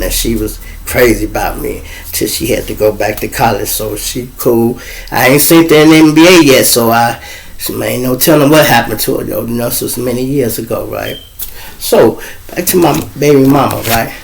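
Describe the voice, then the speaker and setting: Middle-aged chicago dude, gravelly voice, rambling street stories on his own show. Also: medium pitch. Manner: raw street talk, loose and joking, acts out voices in quotes. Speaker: show host. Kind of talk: casual storytelling monologue.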